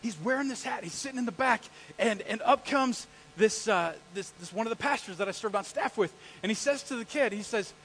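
A man, a pastor, preaching a live sermon, telling stories in an animated way and asking the congregation questions. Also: high voice, brisk, a little hiss or hum, poor audio.

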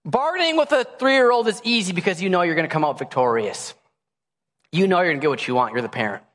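A man's voice: sits high, lively intonation, fast, fairly bright tone. A pastor in his thirties preaching a sermon to a congregation, telling family stories in a playful, self-mocking way and acting out his children's demands. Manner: acts out a baby's and a toddler's demands. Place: church hall before a congregation. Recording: long church hall reverb.

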